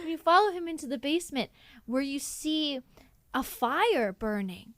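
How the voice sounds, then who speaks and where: Woman with a high voice telling a made-up scary story, stop-start, dry close sound. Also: dry recording. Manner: animated, halting with restarts, laughing. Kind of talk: improvised storytelling on a podcast.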